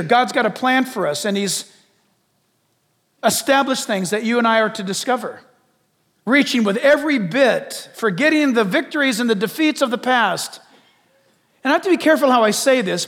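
A preacher with a very high voice delivers an animated sermon. He swings from quiet, intimate asides to loud, shouted bursts. His voice carries a long reverb, as in a large church hall. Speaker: pastor.

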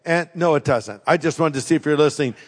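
A male pastor preaches with a humorous, emphatic storytelling manner. His voice sits high for a man. A long reverb from a large church hall trails each phrase. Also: fast talker. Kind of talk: sermon. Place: church sanctuary.

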